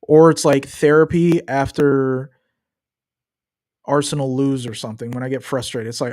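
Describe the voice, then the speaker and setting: With a medium-pitched, darkish voice, steady in tone and normal in speed, a young man gives casual live-stream commentary on a football match. He keeps things loose, joking and trash-talking.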